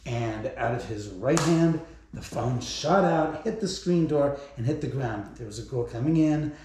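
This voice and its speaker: A man's voice: mid-range voice, animated, unhurried, noisy background. A man giving a haunted house tour, telling stories casually in a rambling, profane way with chuckles between them, inside a bedroom of a large house. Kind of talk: casual storytelling. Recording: very echoey room.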